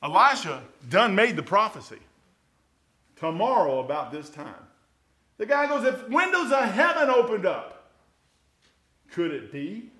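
A middle-aged man preaching a sermon in a folksy, conversational way, with sudden loud outbursts. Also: high voice, very animated, unhurried, pauses often. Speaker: pastor.

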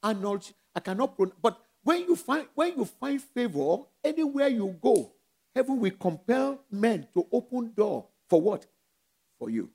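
Man, nigerian accent, sermon, high voice, husky, call-and-response. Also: sing-song, a little slow, a little mellow. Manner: call-and-response preaching, rising and dropping in volume. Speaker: pastor.

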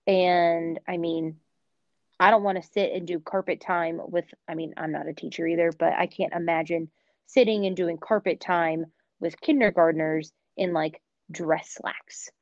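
A woman's voice: lowish voice, fairly even intonation, a little slow, a little mellow, dry recording. Chatty American woman, dull dry sound. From United States. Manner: chatty, filler-heavy, laughs often. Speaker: podcast co-host. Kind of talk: casual chat.

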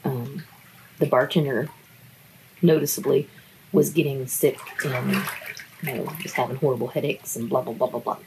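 A woman's voice: extremely low pitch, steady tone, moderate pace, pauses often, a little mellow, a little hiss or hum, low-quality recording. A woman in a casual, wry book review chat who laughs often between her remarks.

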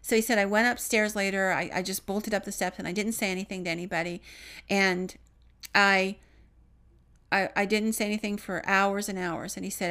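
A woman co-hosting a podcast, earnestly retelling a paranormal story and trailing off softly on the grim details. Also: medium pitch. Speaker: podcast co-host.

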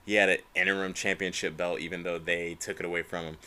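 A man's voice: low-pitched, fast talker. A young man hosting a solo podcast, ranting casually about fight news, swearing and tagging lines with bro and man. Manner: animated, profane, says bro and man constantly. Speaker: podcast host.

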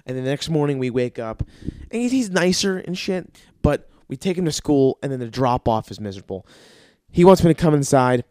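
A man's voice: medium pitch, a little fast, no echo. Male podcast host, crude and rambling storyteller, dry recording. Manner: profane, rambling, animated. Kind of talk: casual storytelling monologue.

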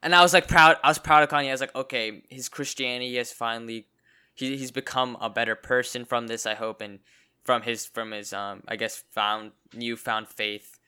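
A man's voice: medium pitch, fairly even intonation, normal speed, pushed and bright, clean tone. A young man in casual chat as a podcast co-host, stammering and restarting his sentences often.

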